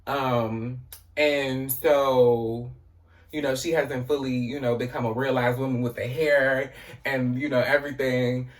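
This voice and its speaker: A man's voice: mid-range voice, flat delivery, unhurried, far from the mic. Chatty man recapping a TV episode. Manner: chatty, profane, frequent "you know" and "um" fillers. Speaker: TV recap host.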